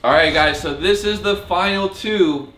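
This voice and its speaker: A young man hosting a house game challenge with an energetic, upbeat delivery. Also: sits high, a little slow, a little hiss or hum. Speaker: host. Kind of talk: hyped game show hosting. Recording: echoey room.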